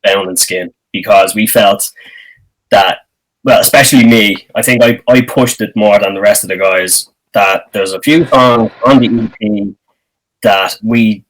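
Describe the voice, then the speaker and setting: An Irish band member explaining things at length in an interview, with hesitant fillers. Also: male voice, on the low side, unhurried, a bit bright, rough recording. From Ireland.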